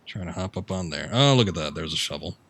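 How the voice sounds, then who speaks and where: A man does casual let's-play commentary while streaming a game, joking and laughing as he plays. His voice sits very low, and he talks into a desk mic. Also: lively intonation, quick pace, fairly bright tone. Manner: laid-back, jokey, laughs often. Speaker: gaming streamer. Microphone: headphones and desk mic.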